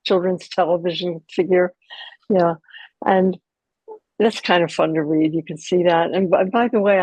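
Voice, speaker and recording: An older woman teaching a caregiving course in a gentle, chatty way, full of asides. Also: fairly low pitch, no echo, rough recording. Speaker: course instructor. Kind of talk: relaxed spoken teaching.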